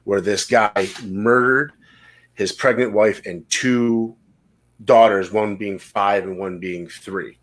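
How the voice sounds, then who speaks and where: A man's voice: lowish voice, steady tone, slow pace. A man hosting a casual podcast, telling rambling stories and swearing freely. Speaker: podcast host.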